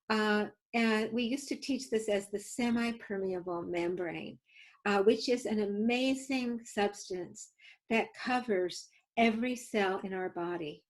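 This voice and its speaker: A medium-pitched woman safety educator runs a webinar by video call, mixing stories with live demos and earnestly walking her audience through exercises. The recording quality is low.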